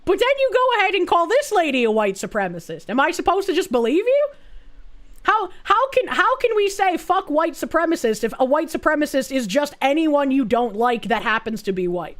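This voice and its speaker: A woman's voice: sits high, big pitch swings, fairly quick. A woman host giving blunt, sarcastic reaction commentary in casual profane talk.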